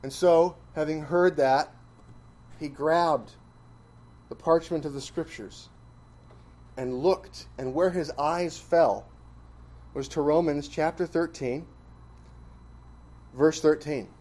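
A man delivering a sermon, his voice mellow and warm in tone. He punches key phrases with sudden bursts of volume, then drops back to an even teaching voice. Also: a little high, slow pace, long pauses. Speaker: preacher.

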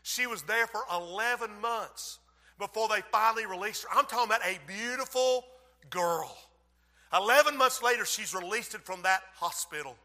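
Man, revival preacher, very high bright voice, shouts and hushes, echoey church hall. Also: moderate pace. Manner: shouting, dramatic storytelling with sudden hushed drops. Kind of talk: fiery revival sermon.

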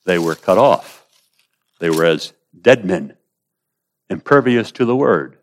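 Male preacher, low voice, declamatory sermon delivery with hushed asides. Casting note: quotes old-style scripture. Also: animated, slow pace. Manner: declamatory, swinging between raised emphasis and hushed asides.

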